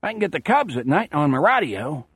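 A man reading aloud, voicing a cynical, gruff man who rasps out blunt, sarcastic replies in an audiobook. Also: fairly high pitch, big pitch swings, fairly quick, a bit bright, no room sound, exaggerated voice. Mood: sardonic. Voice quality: raspy. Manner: sarcastic, salty talk.

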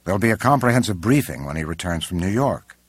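A man's voice: sits low, lively intonation, fast, dry recording. A man voicing an irritable older male president who speaks in a brusque, raised voice, in an audiobook. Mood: irritated.

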